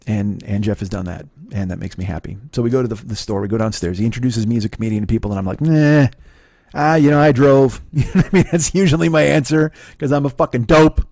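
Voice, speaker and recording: A man's voice: fairly low pitch, fast, hardly any pauses, darkish tone, dry recording, clean studio sound. A middle-aged man hosting a podcast, telling a rambling, profane, self-deprecating story with many restarts. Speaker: podcast host. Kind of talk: casual storytelling monologue.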